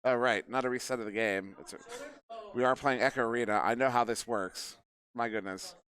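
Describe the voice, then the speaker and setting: A man's voice: medium pitch, fairly even intonation, brisk, fairly bright tone. A man casting a live esports match, calling plays and chatting off-hand between them. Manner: chatty, jokes with people in the room between calls. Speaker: esports caster. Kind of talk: live esports play-by-play commentary. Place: live event venue.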